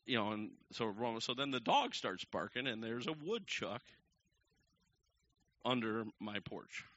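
A man telling a long personal story to a crowd from the pulpit, acting out each quoted person with sudden jumps in pitch and loudness. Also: a little slow. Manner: animated, acts out the quoted people with big jumps in pitch and loudness. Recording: dull lo-fi recording.

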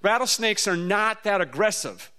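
Preacher, male, from the Midwest, a touch higher voice than most, folksy storyteller who leaps up in pitch for effect. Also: moderate pace. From Midwestern US, near the Mississippi River. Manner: folksy, animated storytelling with sudden high-pitched bursts. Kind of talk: storytelling sermon.

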